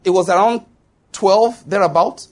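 A middle-aged man preaching a sermon, emphatic, asking his congregation questions and dropping to hushed, slow tones for quoted lines. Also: high-pitched.

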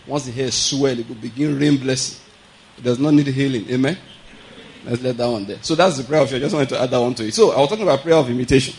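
A man's voice: mid-range voice, fast talker, a little mellow, slight background noise, rough recording. A man preaching a sermon in a conversational teaching manner, often checking that the listeners follow and chuckling as he goes.

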